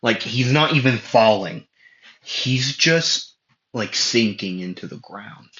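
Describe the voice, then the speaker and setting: A man's voice: medium pitch, expressive, slow pace, a bit bright. A man casually telling an improvised fan story, rambling with lots of fillers and self-corrections. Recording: muffled lo-fi audio in an echoey room.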